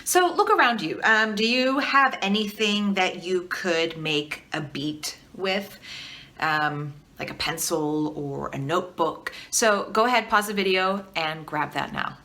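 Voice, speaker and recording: A woman with a fairly low, expressive voice teaches a video lesson at a slightly slow pace, her tone bright and forceful. As a teaching artist, she encourages viewers, quizzes them, and has them repeat after her.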